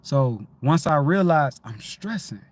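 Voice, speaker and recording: A man talking casually on a livestream, telling a story in a lively way, repeating himself and swearing freely. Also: a little high, slow pace. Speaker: livestream host. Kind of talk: casual spiritual livestream talk.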